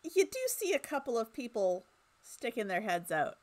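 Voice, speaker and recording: A woman's voice: fairly high pitch, big pitch swings, moderate pace. A woman running a tabletop game as game master, chatty and amused.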